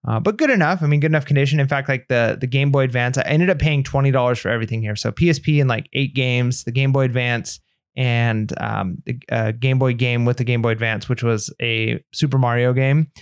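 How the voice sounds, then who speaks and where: Animated storytelling man, dry close sound. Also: medium pitch, fairly quick, clean tone, dry recording. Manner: animated anecdote telling, acts out quoted dialogue. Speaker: podcast co-host. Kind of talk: casual chat, storytelling.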